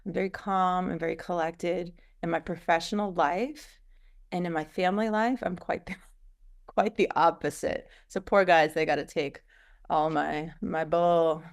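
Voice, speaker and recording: A woman co-founder guest telling her story in a rambling, animated way in a casual interview. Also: fairly low pitch, measured pace, vocal fry.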